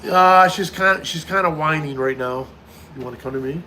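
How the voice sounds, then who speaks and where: Middle-aged man, livestream host, reads and answers chat comments; slightly high, bright, forceful voice. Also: fairly quick, slight background noise. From United States. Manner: reads viewer comments aloud and answers each one.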